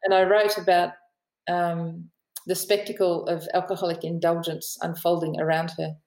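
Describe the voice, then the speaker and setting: Her voice sits fairly low, level and darkish, at a normal speed, captured roughly in an echoey room. As a podcast guest, this Australian author and aviation writer chats through her stories, laughing often and imitating those she quotes.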